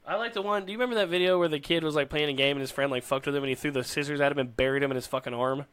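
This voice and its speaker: A man's voice: fairly high pitch, rapid-fire, a bit bright, smooth, no echo. A Texan man, a guest on a comedy podcast, laughing a lot and slipping into silly voices as he chats. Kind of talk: casual comedy podcast chat.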